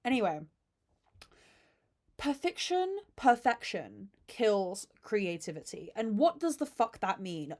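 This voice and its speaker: A woman's voice: medium pitch, animated, a little slow, hardly any pauses, a little mellow. A woman hosting her own podcast, chatting to a phone camera at home with unfiltered, dramatic swings and lots of swearing. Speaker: podcast host. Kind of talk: casual chat to camera.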